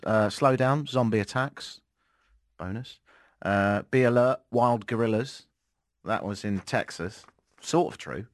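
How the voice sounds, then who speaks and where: A man's voice: lowish voice, dry recording, clean studio sound. A British man hosting a casual talk radio show, joking and sarcastic, laughing often. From Britain. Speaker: radio host. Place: radio studio.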